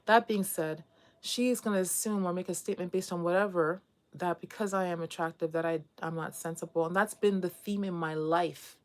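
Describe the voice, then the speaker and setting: Candid rambling woman vlogger, low voice. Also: fairly even intonation, fairly quick. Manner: candid, rambling, frequent restarts. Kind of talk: casual chat to camera.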